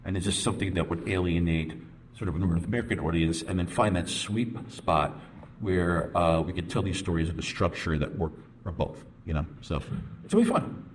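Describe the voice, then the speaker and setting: Deep-voiced man telling a rambling story. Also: a little fast, a little hiss or hum. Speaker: comics panelist. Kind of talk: panel answer to audience question.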